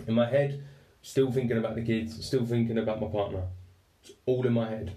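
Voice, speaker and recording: A man's voice: fairly low pitch, moderate pace, mellow. A man with an English accent telling a personal story candidly, swearing freely and speaking with raw emotion. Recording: roomy echo, distant from mic.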